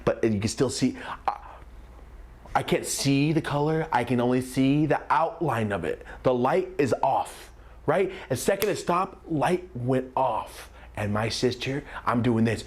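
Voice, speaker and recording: A young man in his twenties, a comedian, telling a story with lots of energy, sometimes shouting out lines. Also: mid-range voice, moderate pace. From California. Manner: animated, screams and shouts quoted lines.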